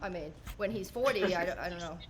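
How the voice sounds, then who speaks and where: A woman's voice: on the low side, quick pace, slight background noise. A woman doing a stand-up comedy set, chatty and self-mocking, who acts out other people's lines as she talks. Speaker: stand-up comedian and show producer.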